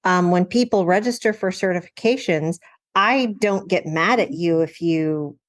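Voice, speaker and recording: A woman with a lowish voice talks through dog training on a podcast. She is reflective and thinks aloud, often restarting her sentences. The talk is relaxed and conversational. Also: measured pace. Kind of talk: casual conversational discussion.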